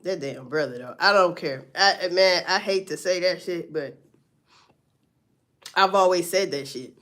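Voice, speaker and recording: A woman's voice: fairly low pitch, unhurried, fairly bright tone. A woman doing casual livestream commentary, blunt and profane as she talks through a story. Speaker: livestream host.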